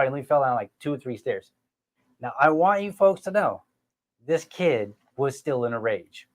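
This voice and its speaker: A middle-aged man hosting a podcast, telling a family story in an animated, self-mocking way and talking straight to his listeners. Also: mid-range voice, moderate pace. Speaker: podcast host. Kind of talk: casual storytelling chat.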